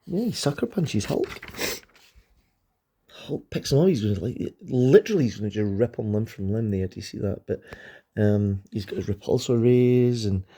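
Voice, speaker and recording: Rambling enthusiastic man, mellow voice. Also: on the low side, lively intonation, normal speed. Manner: rambling, enthusiastic, frequent ums and restarts. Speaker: comic book reviewer. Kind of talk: casual comic review vlog.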